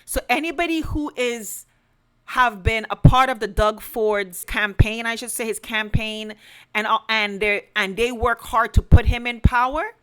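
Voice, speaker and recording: A woman's voice: fairly high pitch, measured pace, clear, resonant tone. A woman podcast host giving earnest, emphatic commentary straight to her audience, building up to pleading. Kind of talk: direct-to-camera commentary.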